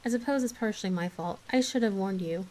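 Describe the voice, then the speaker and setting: A woman's voice: medium pitch, quick pace, a little mellow, lightly acted, rough recording. Brief: woman doing a stern scolding older guardian, storybook reading. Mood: exasperated.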